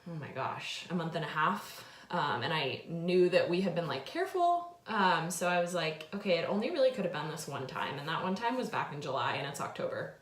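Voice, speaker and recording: A woman's voice: low-pitched, lively intonation, fairly quick, hardly any pauses. A young woman in her twenties telling a personal story, tearful and overwhelmed, full of filler words. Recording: echoey room.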